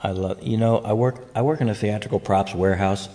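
A man's voice: on the low side, steady tone, a little fast, warm tone. A congested man hosting a podcast in a casual, joking, rambling way. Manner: jokey, rambling asides. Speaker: podcast host. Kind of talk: casual chat.

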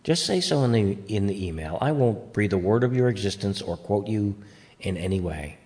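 A man's voice: lowish voice, expressive, normal speed, darkish tone. A man hosting a podcast in casual chat, rambling with playful asides, recorded on a home mic. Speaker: podcast host.

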